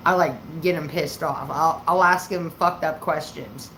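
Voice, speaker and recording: A woman's voice: deep voice, measured pace, a little hiss or hum. A woman livestreaming, casually telling stories to her viewers, swearing freely and acting out the quoted lines. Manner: profane, animated retelling with quoted voices. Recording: echoey room.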